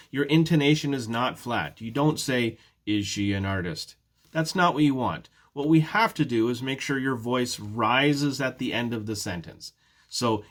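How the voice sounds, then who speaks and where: A man teaching a prerecorded beginner English lesson, patiently explaining step by step with repeated example sentences and modeling question intonation. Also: medium pitch. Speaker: ESL teacher.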